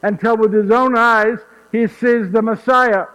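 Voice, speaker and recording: A man's voice: high voice, steady tone, a little slow, a bit bright, smooth. A man doing old Simeon, fervent and proclaiming. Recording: echoey church, dull muffled sound.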